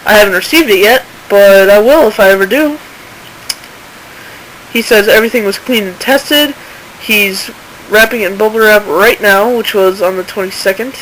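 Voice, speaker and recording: A woman's voice: medium pitch, moderate pace, fairly bright tone, slight background noise, rough recording. A woman in casual screen-recording commentary who talks informally and indignantly and reads messages aloud. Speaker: channel owner exposing a seller.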